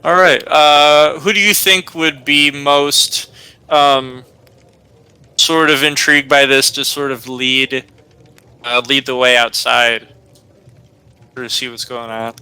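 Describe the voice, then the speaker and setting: Male game master, slow, bright clear voice, dry sound, halting narration. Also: medium pitch, flat delivery, no room sound, poor audio. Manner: hesitant, many fillers.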